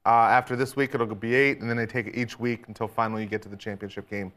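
A man's voice: on the low side, little pitch movement, quick pace, a bit bright. A man on a casual chat show, explaining things plainly.

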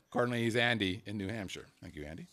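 A man's voice: on the low side, fast talker, a bit bright. A middle-aged man hosting a casual live stream, reading out contest entries with crude jokes. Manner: joking, profane, reads names in a sing-song way. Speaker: show host.

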